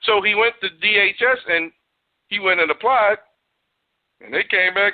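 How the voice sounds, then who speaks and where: A man's voice: high voice, lively intonation, moderate pace, phone-quality sound. A man hosting a radio talk show, preaching and cursing in a stream of rhetorical questions.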